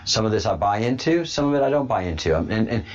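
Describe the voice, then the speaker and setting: Man, livestream host, lowish voice, rambling, many ums and restarts, dull lo-fi audio. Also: expressive, quick pace. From born in Texas, raised abroad and in Louisiana. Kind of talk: casual livestream chat reading comments.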